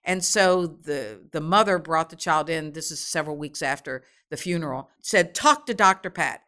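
Speaking in a low voice, a middle-aged woman answers interview questions as a guest expert on children and grief. She explains things gently and in a measured way.

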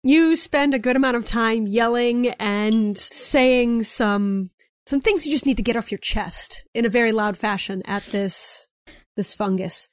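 A woman's voice: fairly high pitch, unhurried, dry recording. Dry-voiced woman running a tabletop game. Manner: descriptive, hedging with "like" and "kind of". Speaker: game master.

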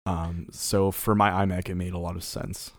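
Man, fairly low voice, wry questions, casual podcast talk, dry mic. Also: level tone, moderate pace, no room sound. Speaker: podcast co-host. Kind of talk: casual tech chat.

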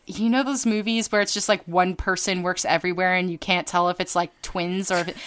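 A young woman casually telling a story on a podcast, animated and quick to act out other people's voices. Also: medium pitch, clear, resonant tone. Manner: animated, acts out quoted people, laughs often, swears casually. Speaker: podcast co-host.

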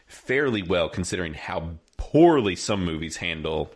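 A man with a very low voice hosts a casual movie chat. He rambles and often corrects himself mid-sentence. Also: sing-song, normal speed. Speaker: podcast host.

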